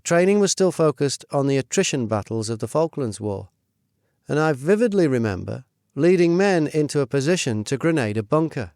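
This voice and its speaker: A middle-aged man reading his own memoir in a measured, steady storytelling voice. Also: a little high, no room sound, clean studio sound. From United Kingdom. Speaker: narrator. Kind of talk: first-person memoir narration.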